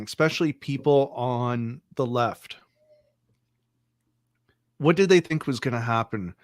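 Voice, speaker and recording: A man's voice: mid-range voice, smooth, dry recording. Man guesting on a podcast, firing off rhetorical questions, dry sound no room. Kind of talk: political discussion.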